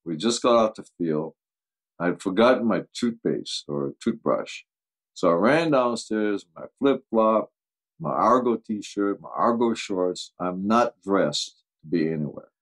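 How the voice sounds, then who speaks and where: Deep-voiced older man telling stories. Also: a little slow, poor audio. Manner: animated anecdotes, acts out quoted voices, laughs often. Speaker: football coach guest. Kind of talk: casual storytelling interview.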